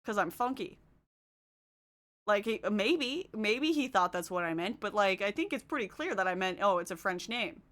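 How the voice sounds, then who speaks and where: A woman's voice: medium pitch, lively intonation, moderate pace, few pauses, a bit bright. Chatty woman livestreamer. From Canada. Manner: chatty, laughs often, answers chat. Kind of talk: casual livestream chat while doing makeup.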